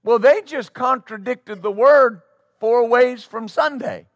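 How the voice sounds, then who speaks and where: High-voiced man preaching a sermon. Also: slow, no echo. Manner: conversational preaching with sudden bursts of loud exclamation. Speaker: pastor. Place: church sanctuary before a congregation.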